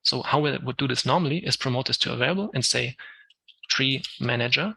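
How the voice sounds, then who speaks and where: A man's voice: mid-range voice, brisk, gravelly, bright, forceful tone, husky, dry recording, low-quality recording. A man with a German accent, an Unreal Engine instructor giving a live tech talk, explaining step by step with frequent ums while answering questions.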